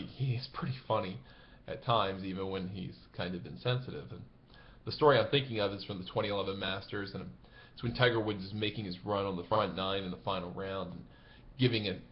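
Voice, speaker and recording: Low-voiced man telling a story casually. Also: muffled recording, slight background noise. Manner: conversational, animated, laughs while telling. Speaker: golf blogger.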